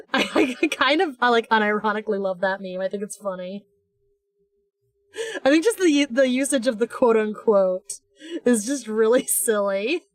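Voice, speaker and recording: This young woman, from the United States, sounds animated and fairly high-pitched, talking at normal speed but pausing often, with no room sound. She's drawing on a live stream, rambling playfully with restarts and teasing remarks.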